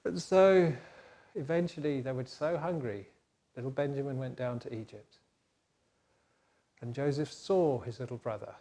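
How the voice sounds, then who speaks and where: A man telling a Bible story to children in an animated, expressive way. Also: mid-range voice, normal speed, pauses often, husky.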